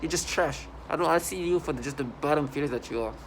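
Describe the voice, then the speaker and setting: Agitated man ranting in a halting voice. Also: a little high, a little hiss or hum. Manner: agitated, indignant, halting with many restarts. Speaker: vlogger. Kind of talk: rambling monologue to camera.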